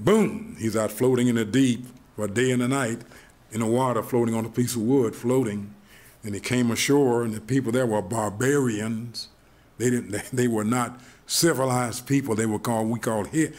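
A man preaching a sermon, retelling stories in an animated way, chuckling often and restarting his sentences. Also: mid-range voice. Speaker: pastor.

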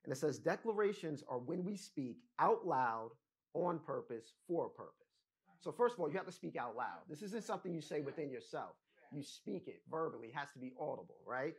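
A man's voice: on the high side, expressive, a little fast, slightly rough. A man preaching a teaching sermon, explaining scripture step by step and often checking in with "right?" and "amen?". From United States. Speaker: pastor.

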